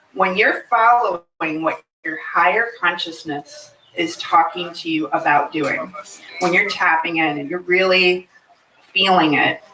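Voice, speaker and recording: Bright-voiced woman explaining, echoey and distant. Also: fairly low pitch. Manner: earnest, often checks in with "okay?". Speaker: hypnosis practitioner. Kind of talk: explanatory talk to a fair audience. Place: fair venue, indoors. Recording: echoey room, mic far off.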